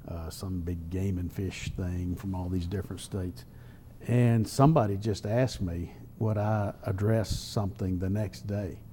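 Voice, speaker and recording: An older man, a columnist telling folksy stories in an interview at a drawn-out pace. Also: fairly low pitch, warm tone, slight background noise. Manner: folksy, drawn-out storytelling with chuckles. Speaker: newspaper columnist and humorist. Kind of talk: storytelling interview answers.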